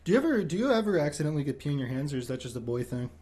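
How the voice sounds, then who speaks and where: A young man hosts a livestream and talks at a rapid clip. He teases his guest, firing off quick questions and slipping into playful mock lectures. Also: fairly high pitch, very animated, warm tone, slightly rough. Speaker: streamer host. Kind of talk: casual stream chat.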